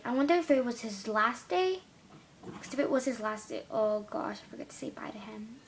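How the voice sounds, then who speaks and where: A woman's voice: fairly high pitch, slight background noise. A girl vlogging casually, rambling and giggling as she talks about her classmates. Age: young girl. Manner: chatty, giggly, rambling with restarts. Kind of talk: casual chat to camera.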